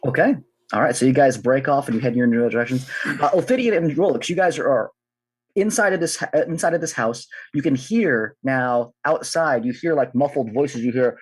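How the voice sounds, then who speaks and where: A man's voice: mid-range voice, a little fast, husky, no room sound. A man narrating a tabletop game as game master, rambling with many fillers.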